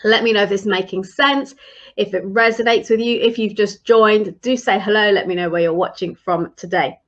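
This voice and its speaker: A woman's voice: medium pitch, fairly even intonation, normal speed, a bit bright. Earnest woman coach, slightly dull audio. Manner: earnest, advising, with frequent ums and restarts. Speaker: leadership and career coach. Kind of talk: live-streamed coaching talk.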